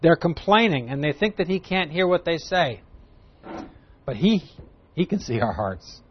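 A man teaching through a Bible passage to a class, lively and emphatic, reading verses aloud. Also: fairly high pitch, unhurried, a little hiss or hum. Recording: dull lo-fi recording.

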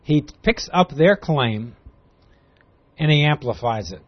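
A man teaching through a Bible passage to a class, lively and emphatic, reading verses aloud. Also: on the high side, slow. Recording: dull lo-fi recording.

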